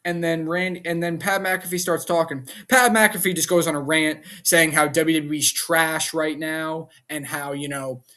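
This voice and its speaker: In a casual vlog, a man reviews a wrestling show, ranting with animated exasperation and rattling off rhetorical questions. His voice is fairly high, at normal speed with few pauses.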